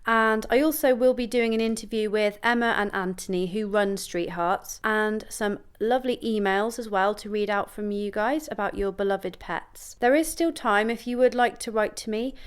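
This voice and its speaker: A woman's voice: mid-range voice, smooth. A young British woman hosting a podcast, talking to her listeners in a cheerful, upbeat way. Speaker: podcast host. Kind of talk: podcast monologue and phone interview.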